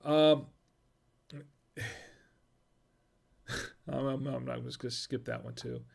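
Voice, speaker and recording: A man's voice: medium pitch, fairly even intonation, slow pace, creaky, darkish tone. A man hosting a casual livestream, reading viewer jokes, chuckling at them and trailing off mid-sentence.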